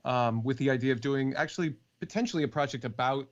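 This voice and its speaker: A man's voice: mid-range voice, quick pace, dull audio. A man who narrates audiobooks and acts, chatting on a podcast call with plenty of fillers and restarts. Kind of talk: casual podcast interview.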